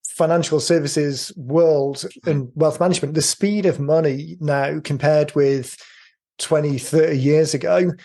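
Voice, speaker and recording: A man hosting a business podcast interview, thinking out loud in long, winding questions. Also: fairly high pitch, fairly even intonation, measured pace. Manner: rambling, thinks aloud. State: voice going hoarse. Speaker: podcast host. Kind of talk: casual interview.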